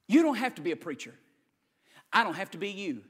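A male preacher giving a sermon, swinging between loud shouted lines and quiet low asides. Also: big pitch swings, fairly quick, slightly rough. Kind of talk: energetic sermon.

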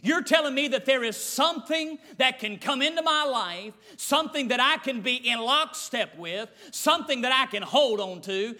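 A man's voice: extremely high pitch, pushed and bright. A middle-aged male pastor with a Southern US accent preaching a folksy, emphatic sermon full of repetition.

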